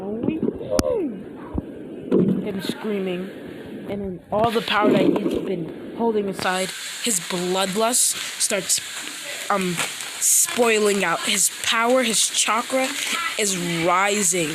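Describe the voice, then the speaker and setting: A woman improvising a fan-fiction story out loud, rambling with many restarts and fillers. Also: mid-range voice, steady tone, takes it slowly. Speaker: amateur storyteller. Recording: loud background noise.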